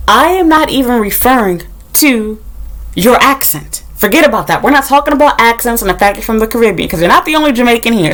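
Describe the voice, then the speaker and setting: A woman's voice: a little high, fairly bright tone. A young woman vlogger ranting bluntly and sarcastically to her own camera, swearing freely as she tells a story. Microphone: camera mic.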